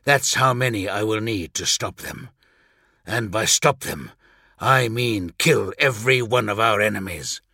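A man voicing a weary, blunt male warrior huntsman, speaking in a measured, grim way. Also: lowish voice, creaky, pushed and bright, slightly rough, dry recording, studio quality, heavily acted.

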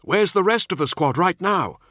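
A man's voice: high-pitched, expressive, moderate pace, sharp tone, dry recording, clean studio sound, voice pushed up. A man voicing an earnest space marine officer, lifting his voice well above his usual register.

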